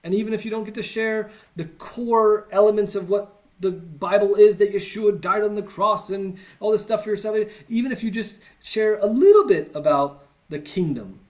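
A man's voice: sits high, normal speed. A man from the United States giving a conversational teaching talk, earnest with self-deprecating asides. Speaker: teacher on evangelism.

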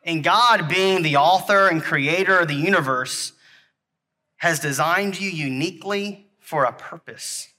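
Earnest preacher with a bright voice. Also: male voice, on the high side. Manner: earnest, halting, repeats himself; talks to children in the congregation. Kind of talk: sermon with object lesson.

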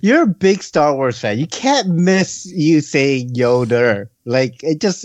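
A man's voice: on the high side, lively intonation, takes it slowly, no room sound. A man co-hosting a casual podcast, teasing the others and laughing often. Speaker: podcast co-host. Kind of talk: casual chat. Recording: dull, slightly lo-fi sound.

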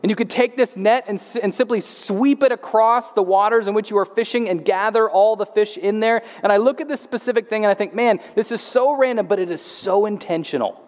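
A man in his thirties delivers a sermon with a fairly high voice. He speaks earnestly, often restarting words and sinking low at the close of each phrase. The sound carries a long reverb from a church hall. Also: fairly quick, hardly any pauses, a little mellow. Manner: earnest, drops pitch at phrase ends, frequent restarts. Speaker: pastor.

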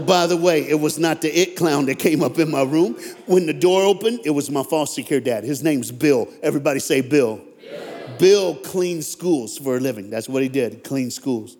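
An American motivational speaker delivers a live sermon to a crowd in a large hall, telling his story and joking with the audience. His voice, on the high side, drops to a hush and then climbs to loud, fired-up preaching. The hall is echoey with long reverb, and there's slight background noise.

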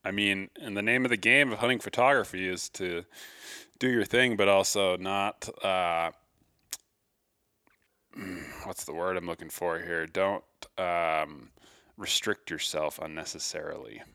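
A man co-hosting a podcast on hunting photography, chatting in a relaxed, joking way and sometimes searching for words. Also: low-pitched, unhurried, dry recording, studio quality. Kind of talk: casual podcast chat.

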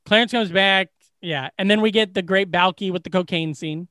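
A man co-hosting a podcast, retelling a film's scenes in a casual, profane, animated way. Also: sits high, normal speed, smooth, no echo, clean studio sound. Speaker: podcast co-host. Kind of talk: casual movie recap chat.

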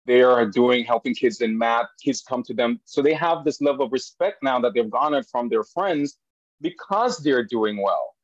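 A man who is a podcast guest, telling family stories in an animated way and jumping high in pitch when he quotes people. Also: normal speed, no echo, highs cut off. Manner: animated storyteller, voice jumps high for quoted lines. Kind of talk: storytelling in a podcast interview.

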